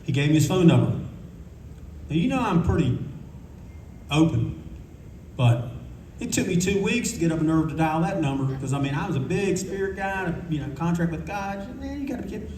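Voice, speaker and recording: A man's voice: a little high, lively intonation, moderate pace, pauses often, darkish tone, far from the mic, a little hiss or hum. An older man telling rambling, candid stories on a convention panel, swearing freely as he goes. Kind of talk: casual anecdotal storytelling. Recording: echoey room recording from afar.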